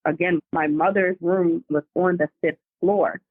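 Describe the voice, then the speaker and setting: A woman caller telling family ghost stories in a chatty, animated, slangy way over the phone. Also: lowish voice, measured pace, no echo. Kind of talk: casual storytelling over the phone. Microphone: phone call. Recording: dry tinny phone line.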